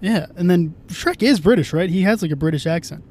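A man's voice: brisk, darkish tone. A man hosting a casual podcast from a moving car, rambling and swearing, often restarting his sentences. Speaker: podcast host. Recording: faint car rumble.

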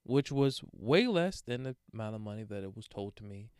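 Clear-voiced man telling a rambling story. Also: lowish voice, fairly quick, no room sound, studio quality. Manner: profane, animated storytelling. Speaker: podcast host. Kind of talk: casual monologue.

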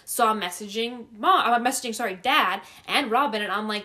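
A young woman speaks briskly in a mid-range voice as she casually describes something spooky that happened in her basement. She's animated throughout, laughing and swearing constantly.

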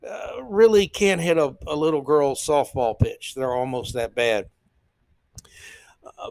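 A man hosting a podcast, giving casual, opinionated commentary that rambles with frequent "uh" pauses. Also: fairly high pitch, no room sound. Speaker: podcast host.

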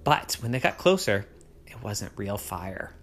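An adult telling a bedtime story in a gentle, playful way. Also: low-pitched, sing-song, unhurried, vocal fry.

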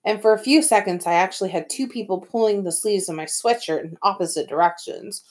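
A woman reading a first-person story aloud as an audiobook narrator, with lively storytelling. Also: medium pitch, fairly quick.

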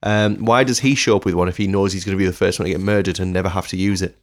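A man with a fairly low voice tells stories chattily on a casual film podcast. He recounts scenes with animated flair. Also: rapid-fire. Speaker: podcast co-host. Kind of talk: casual film review chat.

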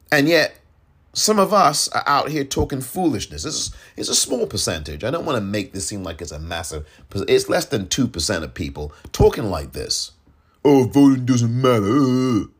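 Male political podcast host, husky, animated delivery, exasperated, mocking. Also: medium pitch, normal speed. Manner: fiery, exasperated, mocking others in put-on voices. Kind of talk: impassioned political commentary.

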